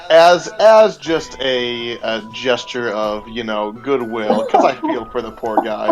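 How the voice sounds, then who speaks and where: A man's voice: mid-range voice, very animated, slow pace, loud music behind the voice, rough recording. A man playing a tabletop game, earnest and chuckling as he speaks. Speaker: player. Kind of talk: casual tabletop play.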